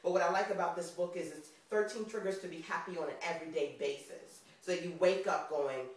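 New york lady vlogging, animated and laughy, boomy echo, sits back from the mic. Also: fairly quick, few pauses, recorded from a distance. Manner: chatty and expressive, laughing often. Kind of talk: casual motivational vlog talk. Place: indoors on camera. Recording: very echoey room, off mic.

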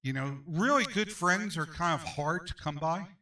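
Man, pastor, Sunday school teaching, very bright tone, emphatic, distant mic. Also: fairly high pitch, normal speed. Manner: emphatic, repeats phrases, calls for amens.

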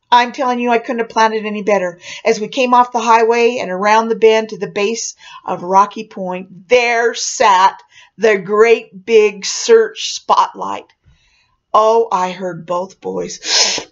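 Slow gravelly woman storyteller. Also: medium pitch, steady tone. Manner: dramatic, drops to whispers for suspense. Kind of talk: oral storytelling. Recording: dull lo-fi recording.

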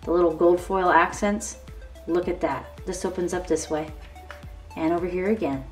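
A woman gives a laid-back crafting show-and-tell, gushing chattily about her work. She speaks at a moderate pace with a fairly low pitch and fairly even intonation, picked up by a slightly distant mic with soft music behind.

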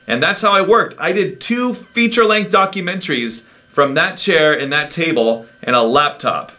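A man's voice: fairly high pitch, normal speed, bright, forceful tone. A man vlogging casually from his home office, rambling and interrupting himself as he shows things off. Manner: rambling, chatty, self-interrupting. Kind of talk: casual unscripted vlog. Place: home office in a house in the woods. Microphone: desk microphone.

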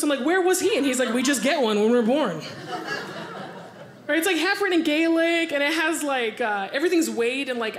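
A woman with a bright, high voice performs stand-up into a stage mic, lively and quick to act out other people's voices. The club sounds roomy, with faint crowd noise and bursts of audience laughter behind her. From United States. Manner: animated, acts out voices, laughs along. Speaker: stand-up comedian. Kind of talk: stand-up comedy set.

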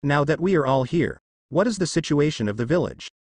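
A man voicing an old male village leader, calm and weary, in a fanfiction audiobook reading, measured and formal. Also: fairly high pitch, dry recording. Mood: stern.

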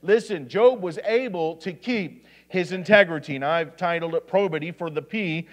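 A man with a high voice delivers a sermon as assistant pastor, reading scripture and stumbling into restarts and asides. He is recorded in a church sanctuary with a long reverb trailing his words. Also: moderate pace. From Indiana.

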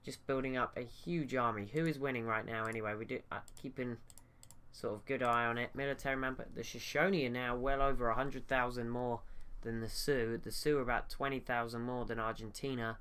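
Casting: man, mid-pitched and clear, casual game commentary, hesitant restarts, desk mic at home. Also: level tone, brisk, fairly bright tone. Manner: thinking aloud, hesitant with restarts. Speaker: gaming YouTuber.

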